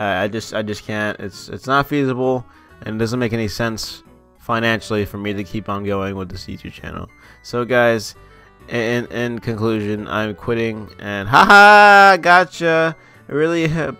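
A man's voice: on the low side, fairly bright tone, clear, resonant tone. A young man ranting sarcastically and profanely in a casual vlog, mocking his audience. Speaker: YouTuber.

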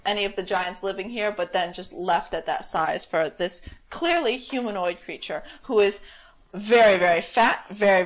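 A woman running a tabletop game, narrating scenes in detail with frequent "um"s and pauses. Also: mid-range voice. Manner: descriptive, with fillers and laughs. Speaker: game master.

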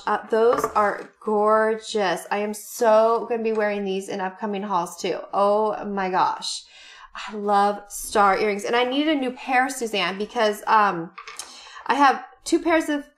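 A woman vlogger opening fan mail on camera, chatting casually, gushing and excited, with frequent gasps and many rambling fillers. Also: medium pitch.

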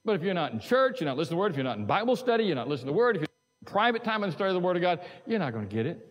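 Male pastor, fairly high voice, chatty folksy sermon delivery, long church-hall reverb. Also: sing-song, racing. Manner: conversational, folksy, repeats phrases and asks the congregation questions. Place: church sanctuary.

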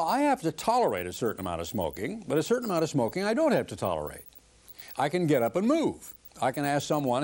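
A man's voice: mid-range voice, darkish tone. An older man giving a televised sermon in an earnest, conversational preaching manner.

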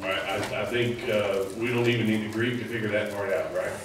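Preacher in an echoey church hall. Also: male voice, on the low side, steady tone, brisk. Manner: conversational, rambling with many fillers. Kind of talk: sermon. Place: church sanctuary. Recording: echoey hall, mic at a distance.

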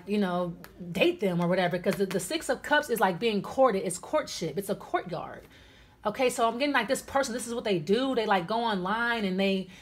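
A woman's voice: fairly high pitch, fairly bright tone. Blunt, chatty woman reading tarot. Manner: blunt, chatty, lots of fillers and restarts. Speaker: tarot reader.

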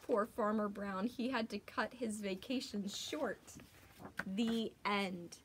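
Slow, expressive woman reading aloud. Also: medium pitch, background noise. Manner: gentle and expressive, with gasps and whispers. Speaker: teacher reading to children. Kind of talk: children's picture book read-aloud.

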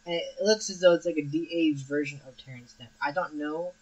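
A young man with a slightly higher voice reviews a movie in a loose, unscripted monologue. He keeps restarting his sentences and leaning on fillers as he goes. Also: brisk, muffled recording. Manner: rambling, many restarts and fillers. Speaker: film review host. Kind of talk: casual film review monologue.

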